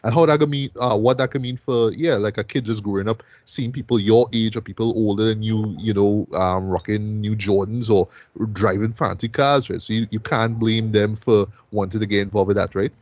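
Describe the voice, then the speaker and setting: Man, low voice, casual album review host, chatty, dry close sound. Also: steady tone, normal speed, hardly any pauses, darkish tone, no echo, dull audio. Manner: loose and chatty, tags "right?" onto most sentences. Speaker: host of a music review show.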